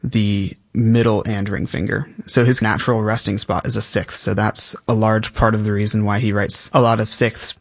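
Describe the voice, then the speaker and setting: Teen percussionist guest, lowish voice, relaxed and thoughtful, dry close recording. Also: male voice, moderate pace, creaky, hardly any pauses, no echo. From South Carolina, US. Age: teens. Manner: relaxed, thoughtful, uses many fillers. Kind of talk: interview answers.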